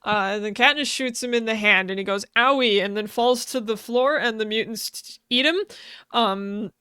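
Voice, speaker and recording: Female podcast host, casual recap, laughs and swears a lot, smooth and dry. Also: fairly high pitch, moderate pace, pushed and bright, no echo. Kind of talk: casual chat recapping a story.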